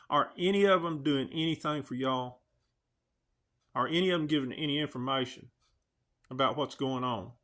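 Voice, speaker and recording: A man's voice: mid-range voice, sharp tone. A man, ranting earnestly to his channel's viewers, pleading and firing off rhetorical questions. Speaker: video channel host. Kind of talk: emotional direct-to-camera rant.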